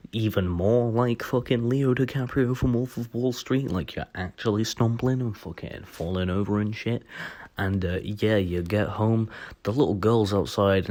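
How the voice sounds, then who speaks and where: A man's voice: fairly low pitch, darkish tone. A young man casually recapping a video game, joking and swearing as he rambles along. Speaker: gaming YouTuber.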